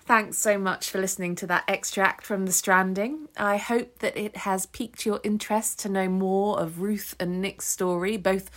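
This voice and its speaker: A woman narrating an audiobook extract in a measured, descriptive storytelling manner. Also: medium pitch, fairly even intonation. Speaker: audiobook reader. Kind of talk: scripted narration.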